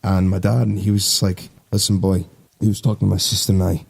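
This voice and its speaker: A man's voice: deep voice, little pitch movement, quick pace, gravelly, darkish tone, breathy edge. A man in his twenties, a navy sailor telling stories as a guest in a casual podcast conversation, rambling and easygoing with lots of fillers. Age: 20s.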